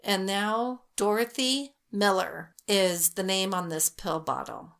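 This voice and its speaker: A woman's voice: mid-range voice, takes it slowly, vocal fry, a bit bright. A woman co-hosting a podcast, telling a true-crime story casually, full of "like" and "um" and acting out quotes. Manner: chatty, full of "like" and "um", acts out quotes. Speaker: podcast co-host.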